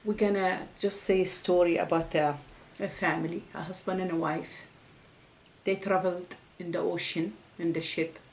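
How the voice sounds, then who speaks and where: Halting woman giving a faith talk. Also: fairly low pitch, steady tone, slight background noise, poor audio. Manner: halting, with many restarts and repeated words. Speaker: religious speaker.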